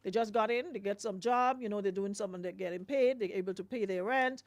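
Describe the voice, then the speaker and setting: A woman hosting a radio talk show, sharing lively opinions in a conversational way. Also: medium pitch, fast talker, dry recording. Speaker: radio host.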